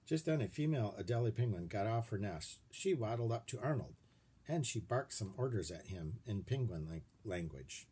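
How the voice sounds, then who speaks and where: Mellow, husky man reading aloud. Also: on the low side. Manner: expressive, checks in with listeners. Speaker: reader to children. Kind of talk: reading a chapter book aloud.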